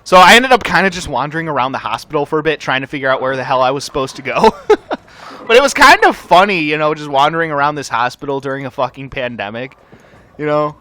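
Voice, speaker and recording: A young gaming channel host chats casually over his gameplay, spinning a long, rambling story with constant swearing and lots of filler. His bright voice sits a little high, moves fast, and leaps up and down as he gets worked up in his animated telling.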